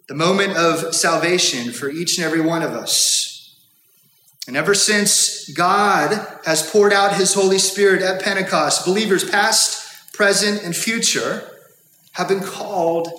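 A man preaches an earnest sermon from the pulpit, building emphasis with repeated phrases. His voice sits high and comes across bright and forceful. The recording carries the echo and long reverb of a church sanctuary. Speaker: pastor.

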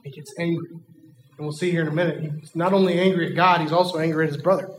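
A man preaching a children's sermon in a church hall, animated and asking the kids questions. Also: a little high, quick pace, slight background noise.

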